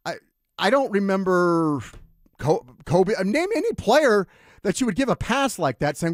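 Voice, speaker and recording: A man hosting a sports radio show, arguing his point in an animated, rambling way and often restarting his sentences. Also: sits high, normal speed, dry recording, studio quality. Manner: animated, rambling, self-interrupting. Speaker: radio sports talk host. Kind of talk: casual sports radio debate. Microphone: studio microphone.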